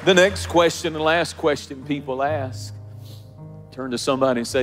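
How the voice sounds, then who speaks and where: Man, pastor, emotional sermon, repetitive building cadence, slightly high voice, faint music behind. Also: normal speed. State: emotional, near tears. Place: large church auditorium, live congregation.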